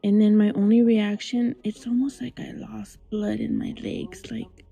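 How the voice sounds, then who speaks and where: A young adult woman calling in to tell a scary childhood memory in a hushed, dramatic way that often drops to a whisper. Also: medium pitch, little pitch movement, a little slow, gravelly, slightly rough, soft background music, poor audio. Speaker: caller. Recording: call-in audio.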